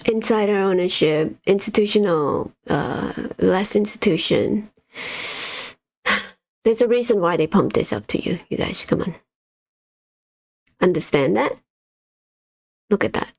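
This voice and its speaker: A woman's voice: medium pitch, animated, slow pace, creaky, long pauses, darkish tone. A woman hosting a casual livestream, giving exasperated, blunt commentary on stocks while reading figures off a screen. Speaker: stock market livestream host.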